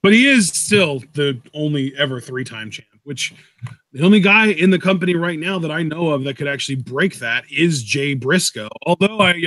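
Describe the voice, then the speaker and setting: A man co-hosting a live wrestling reaction stream, chatting and calling moves in quick play-by-play. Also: fairly high pitch, a bit bright, no echo. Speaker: co-host, wrestling commentator. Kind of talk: casual live reaction commentary.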